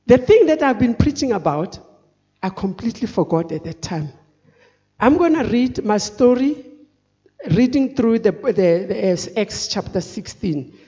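Woman giving a slow emotional testimony sermon, echoey hall, kinda dull muffled sound. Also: fairly high pitch, big pitch swings, warm tone. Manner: earnest, halting, emotional delivery. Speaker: preacher. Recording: dull recording in a reverberant hall.

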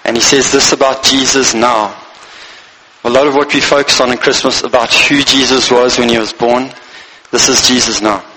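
A man's voice: mid-range voice, steady tone, normal speed, pushed and bright, slight background noise, rough recording. A man preaching a Christmas sermon as pastor, speaking earnestly in short phrases and reading scripture aloud.

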